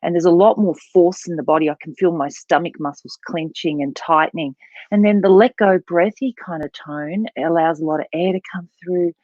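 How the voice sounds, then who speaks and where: As an interview guest, a woman who coaches voice and public speaking explains her work expressively, demonstrating voices as she goes. Her voice is lowish and her pace moderate, with dull audio and no room sound.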